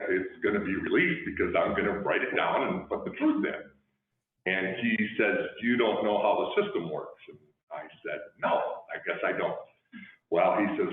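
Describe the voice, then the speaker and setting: Middle-aged guy, police chief, lowish voice, casual storytelling, plays out the back and forth, thin phone-ish sound. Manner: conversational, acts out dialogue in his anecdotes. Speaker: guest speaker, police chief. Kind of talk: storytelling talk. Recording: tinny phone-like line with heavy echo.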